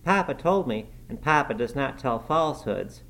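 A man's voice: mid-range voice, moderate pace, close to an everyday voice. A man doing a proud headstrong girl. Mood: indignant. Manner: earnest, pert.

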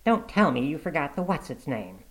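A man's voice: a little high, sing-song, brisk, a bit bright, voice pushed up. A man voicing a nagging middle-aged wife, scolding her husband, in a storybook reading.

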